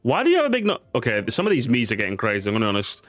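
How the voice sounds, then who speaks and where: A man's voice: medium pitch, wildly swooping pitch, very fast, hardly any pauses, fairly bright tone, no echo, faint music behind. A man giving casual, jokey gameplay commentary, swearing and pleading with the game as he races. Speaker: gaming YouTuber.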